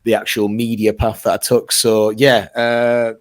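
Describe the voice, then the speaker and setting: A man's voice: lowish voice, unhurried. Chatty man telling stories. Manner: animated storyteller, mimics voices in anecdotes. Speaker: guest, radio presenter. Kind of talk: casual podcast chat.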